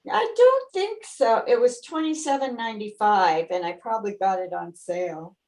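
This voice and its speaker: A woman's voice: medium pitch, animated, moderate pace, a little mellow. A woman in a quilting group video call, easygoing and chatty. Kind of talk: casual video call chat.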